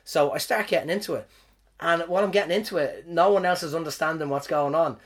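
An Irish comedian hosting his podcast, telling stories about his gigs in an animated, swearing, self-mocking way. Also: fairly high pitch, fast talker. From Ireland. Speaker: stand-up comedian, podcast host. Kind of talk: casual storytelling monologue.

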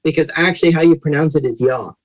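A man's voice: medium pitch, moderate pace, low-quality recording. A modest, easygoing man from Alabama speaks as an interview guest. His Southern American accent carries a light Irish lilt picked up over years abroad. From Alabama, USA. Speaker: guest, church worker. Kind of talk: casual interview chat.

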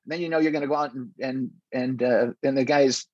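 Comic guest, male, husky and dry, animated storyteller who keeps restarting. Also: medium pitch, a little fast, no room sound, dull audio. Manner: animated, many restarts, acts out quotes. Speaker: stand-up comedian guest. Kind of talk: casual interview storytelling.

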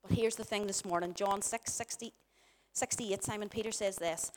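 A woman's voice: medium pitch, fairly even intonation, normal speed. A middle-aged woman with a Northern Irish accent preaching a sermon, emphatic and full of rhetorical questions to the congregation.

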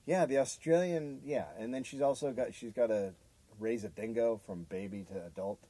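Husky, deadpan man co-hosting. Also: mid-range voice, normal speed, no room sound. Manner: deadpan, grumpy retorts. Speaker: podcast co-host. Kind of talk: casual comedy chat.

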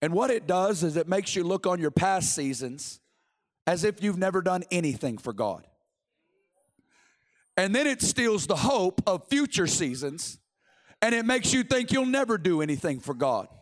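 A man voicing an old southern male seer who speaks in a slow, low drawl. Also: very animated. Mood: solemn.

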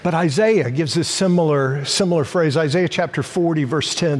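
Husky-voiced preacher with booming emphasis. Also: male voice, moderate pace, hardly any pauses, in a large hall. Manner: emphatic, rising to stress key words. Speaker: pastor. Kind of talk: sermon.

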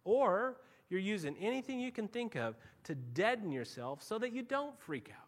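A man preaching a sermon as pastor, telling stories and swinging from quiet asides to loud, emphatic peaks. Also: sits high, big pitch swings, normal speed, few pauses. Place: church.

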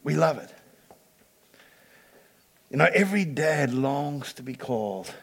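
A man preaching a sermon as pastor, moving from chatty storytelling to loud, emphatic preaching. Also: a little high, animated, a little slow, creaky, breathy edge.

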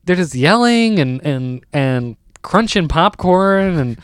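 A man co-hosting a podcast, telling a story in an animated, excitable way in casual chat. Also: on the high side, slow pace, clean tone, no room sound.

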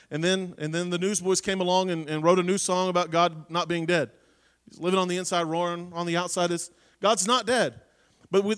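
Guy preaching a sermon, pretty high voice, big hall echo, gets loud then drops real quiet. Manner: emphatic, swings between loud preaching and quiet intensity. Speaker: pastor.

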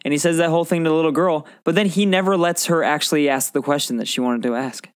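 A man's voice: fairly high pitch, fast, clear, resonant tone, no echo, studio quality. A man co-hosting a casual movie chat, joking, laughing often and acting out lines from the film. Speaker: podcast co-host.

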